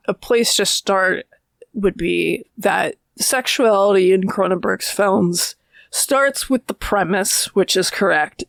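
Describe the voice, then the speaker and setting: A woman's voice: medium pitch, vocal fry, no echo. A woman film critic talking casually as a podcast guest, thinking aloud and circling back with restarts.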